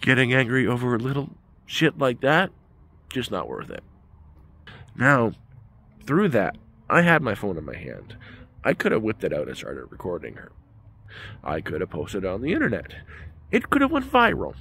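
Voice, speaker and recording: A man's voice: medium pitch, wildly swooping pitch, normal speed, creaky, long pauses, pushed and bright, husky. A man telling a story as a casual rant in a vlog, emphatic and heated. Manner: ranting, emphatic. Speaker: vlogger.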